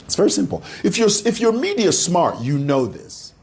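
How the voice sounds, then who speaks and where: A man rails against his target in a mocking, combative commentary. His pitch swings widely as he stresses his points, and he speaks to his listeners like a congregation. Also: very animated, moderate pace, a little mellow. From Zambia. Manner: combative, mocking, preacher-like address to viewers. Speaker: commentary channel host. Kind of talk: opinionated commentary monologue.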